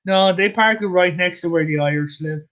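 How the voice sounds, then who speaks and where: A man who is a guest on a casual history chat show, telling his stories with animated asides. His voice sits slightly high, and the audio is muffled and lo-fi. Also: a little fast. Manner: animated storyteller, chatty asides.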